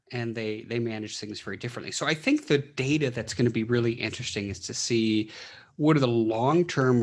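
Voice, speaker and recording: A man who is a clinical psychologist, speaking as a podcast guest and explaining things with rhetorical questions and frequent restarts. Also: lowish voice. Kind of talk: casual interview talk.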